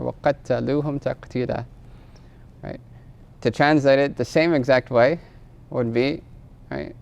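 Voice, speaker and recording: Male lecturer, smooth resonant voice, patient teaching manner. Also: mid-range voice, darkish tone, dull audio. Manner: tags phrases with a questioning "right?"; explains patiently, quizzes the class. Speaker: teacher of Islamic law. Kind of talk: classroom lecture.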